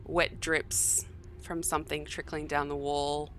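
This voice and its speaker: A woman running a tabletop game as game master, narrating scenes in an unhurried, descriptive way with filler pauses. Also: deep voice, flat delivery, a bit bright, slight background noise.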